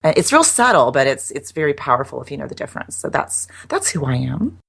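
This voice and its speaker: A woman's voice: sits low, very animated, fast talker, gravelly, husky. A middle-aged woman guest chatting casually in an interview, laughing often and restarting her sentences. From United States.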